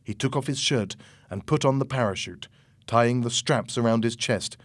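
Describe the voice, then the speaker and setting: A man's voice: medium pitch, no room sound. Man narrating a story in a dry, close voice. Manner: slow, measured, clear reading. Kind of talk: scripted audiobook narration.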